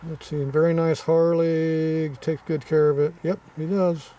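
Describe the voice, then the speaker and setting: A man with a scratchy, sore throat reading viewer comments in a casual, offhand way, clearing his throat often and muttering asides. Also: on the high side, little pitch movement, a little slow, dark tone, recorded from a distance, lo-fi sound.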